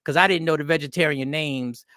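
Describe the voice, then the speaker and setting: A man hosting a podcast, telling rambling stories in a loose, animated comedic monologue. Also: fairly high pitch, fairly quick, no echo, clean studio sound. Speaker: podcast host.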